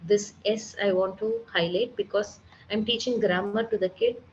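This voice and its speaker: A woman's voice: mid-range voice, fairly even intonation, normal speed, lo-fi sound, a little hiss or hum. A woman speech therapist giving a seminar lecture, explaining patiently and demonstrating sounds aloud.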